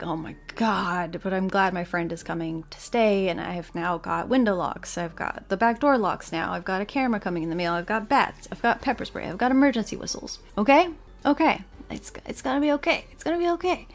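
A young woman hosting a podcast, telling a story in a casual, animated way, often laughing and acting out the people she quotes. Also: lowish voice, fairly quick.

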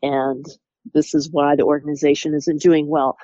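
A former employee telling a candid, animated story about workplace conflict and acting out coworkers' words. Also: medium pitch, moderate pace, dry recording, dull audio. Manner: animated, acts out quoted coworkers.

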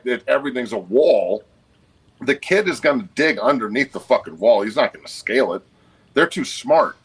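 A man in his forties, guesting on a casual podcast, speaks bluntly and emphatically and swears a lot. His mid-range voice is slightly rough, and the recording is rough too.

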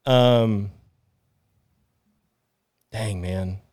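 A man's voice: on the low side, fairly even intonation, very slow, darkish tone. A man co-hosting a podcast game, bantering and teasing the others with frequent laughter. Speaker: podcast co-host and contestant. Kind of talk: casual joking banter.

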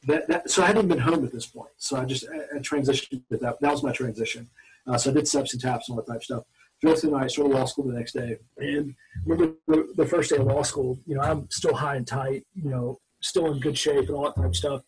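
A man's voice: medium pitch, a little fast, slightly rough, poor audio. A man in his forties, a former Marine from Alabama, telling long rambling anecdotes as an interview guest. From Mobile, Alabama, US. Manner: rambling, animated anecdotes with many restarts. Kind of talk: casual storytelling interview.

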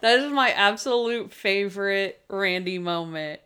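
A woman's voice: mid-range voice, lively intonation, bright, forceful tone, clean tone. Chatty woman recapping a show. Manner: chatty, retells scenes with quick quoted voices and laughter. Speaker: podcast co-host. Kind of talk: casual chat recapping a TV show.

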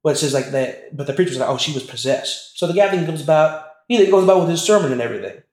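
A man's voice: fairly high pitch, animated, very fast, a little mellow. A young man casually telling a family story, rambling with many fillers and restarts. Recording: roomy echo.

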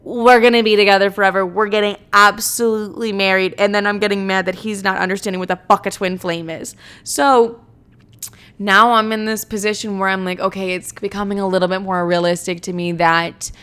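A young woman talks straight to camera in a casual storytime, blunt and self-mocking. Her talk is littered with swearing and "like". The voice sits at a middle pitch for a woman. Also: fairly quick, clean tone. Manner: lively, many "like" fillers. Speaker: vlogger.

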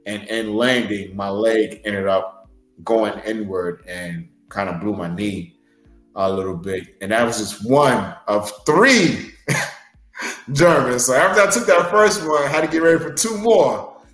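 Earnest low-voiced wrestler, echoey room. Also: male voice, a little slow, fairly bright tone, faint music behind. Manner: earnest, rambling with many fillers. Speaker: pro wrestler guest. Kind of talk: podcast interview storytelling.

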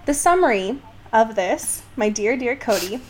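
A woman's voice: a little high, animated, unhurried. A young woman co-hosting a casual podcast, reading fan fiction aloud and often breaking into laughter. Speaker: podcast co-host.

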